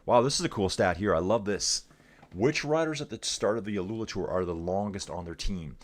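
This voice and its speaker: A middle-aged man with a low, deep voice, chatting his way through live bike race commentary. He talks with an easygoing, energetic buzz and keeps calling his viewers dudes and guys. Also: a little fast.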